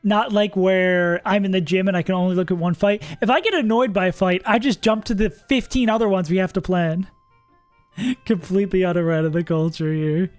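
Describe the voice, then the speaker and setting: A chatty streamer talks through game strategy out loud, laughing often and second-guessing the numbers. The voice sits at a middle pitch, recorded close and dry with faint music underneath. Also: steady tone, moderate pace, dry recording. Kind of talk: casual livestream commentary.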